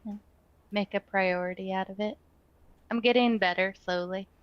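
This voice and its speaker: A woman's voice: mid-range voice, steady tone, moderate pace, clear, resonant tone. A woman co-hosting a casual chat, who talks in a chatty, reflective way and laughs easily. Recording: dull lo-fi sound.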